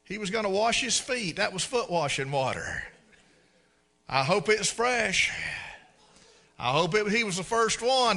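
A man preaching a sermon, telling folksy stories and acting out the scenes. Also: sits high. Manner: folksy, animated storyteller who acts out scenes. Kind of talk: storytelling sermon.

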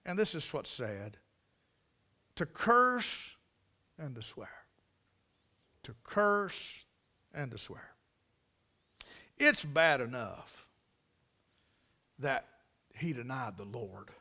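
A man's voice: medium pitch, expressive, slow, pauses often, sharp tone. A man with a Carolina Southern accent preaching a folksy sermon to a church congregation, telling stories with emphatic asides. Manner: drawling, storytelling, emphatic asides. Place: church service.

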